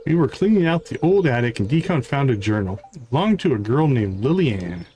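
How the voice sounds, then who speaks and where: Man reading game dialogue with lively pitch. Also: fairly quick, a little hiss or hum. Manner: reads dialogue with varied character voices, asides. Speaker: streamer voicing game dialogue.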